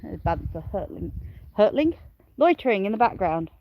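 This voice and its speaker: Outdoors on a farm among sheep and goats, a smallholder vlogger chats casually on a live stream, rambling and cooing at her animals. Her mid-range voice is very animated at a normal speed, though the audio is dull with background noise.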